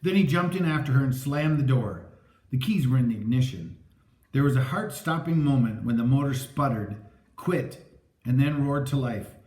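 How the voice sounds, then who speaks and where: A man narrating a story aloud with a dramatic, lively reading. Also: medium pitch, normal speed. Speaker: audiobook narrator. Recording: echoey room.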